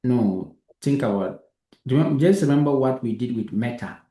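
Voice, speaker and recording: A man's voice: mid-range voice, animated, moderate pace, mellow, reverberant. A man teaching a live coding lesson, patient, who keeps asking if his student understands. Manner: patient, repeats himself and checks understanding.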